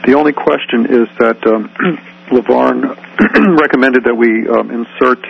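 Man, committee secretary, hesitant, husky, muffled phone line. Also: medium pitch, unhurried. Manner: hesitant, many uhs and ums. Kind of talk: phone conference meeting.

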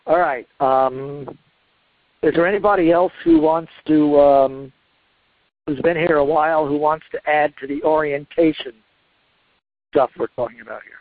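A man with a slightly high voice chairs a committee meeting. He talks in a relaxed, halting way with lots of fillers. The sound is dry and thin, like a phone line. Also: dry recording. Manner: relaxed, many fillers, drawn-out pauses.

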